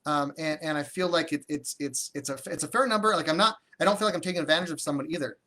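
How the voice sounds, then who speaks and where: A man's voice: fairly high pitch, fast talker, pushed and bright. A man coaching on real estate deals during a livestream, talking energetically and conversationally, often restarting his sentences. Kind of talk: live-streamed teaching with viewer comments.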